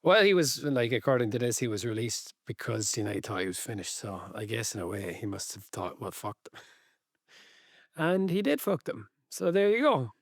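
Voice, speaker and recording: A man's voice: medium pitch, big pitch swings, moderate pace, no echo, clean studio sound. A man co-hosting a football podcast, chatting in a laid-back way with wry teasing. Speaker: podcast co-host. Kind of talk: casual football chat.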